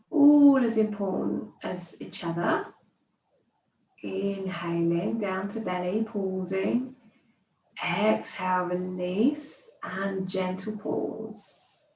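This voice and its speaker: A woman teaching yoga, guiding slow breathing with calm, soothing counting cues. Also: medium pitch, vocal fry, a little hiss or hum. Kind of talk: guided breathing instruction. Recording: echoey room, distant mic.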